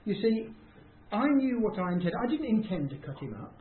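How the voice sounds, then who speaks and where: A man's voice: sits high, sing-song, brisk. A man giving an informal, conversational talk, self-deprecating and acting out people's reactions as he speaks. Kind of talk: informal talk to a small group. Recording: tinny, roomy, faint hiss.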